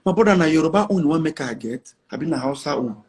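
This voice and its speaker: Chatting casually as an interview guest, a middle-aged Nigerian man boasts emphatically in his Nigerian accent, mixing in pidgin. He talks fast and animatedly, his voice on the high side, a little mellow, with a breathy edge.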